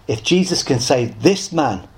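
A man preaching an evangelistic sermon, earnest and pleading, lifting his voice on key words and dropping low and soft at the close of phrases. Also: expressive, a little slow.

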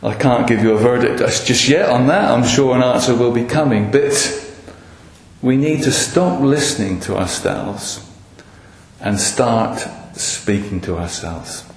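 A man preaching a sermon in an earnest way, often pausing with ums and restarts. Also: medium pitch. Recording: echoey hall with long reverb.

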